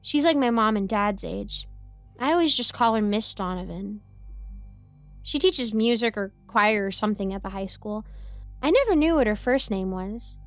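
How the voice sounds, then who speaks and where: A woman narrates a first-person horror story in a playful, girlish way, breaking into yelps and giggles. Her voice sits on the high side and moves quickly between nervous chatter and hushed asides. Soft music plays faintly underneath.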